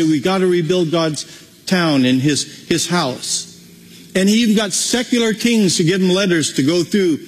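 A man's voice: high-pitched, breathy edge. A man preaching a conversational sermon as pastor, with frequent restarts. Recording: long hall reverb.

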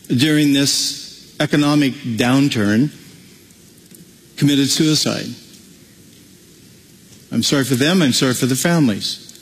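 A man preaching a sermon as pastor, animated, breaking into playful acted-out asides. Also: on the high side, big-room sound, poor audio.

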